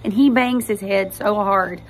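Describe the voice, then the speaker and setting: A woman hosting a faith vlog speaks a little slowly in a mid-range voice, with slight background noise behind her. She tells her personal testimony to viewers directly, in an earnest and animated way.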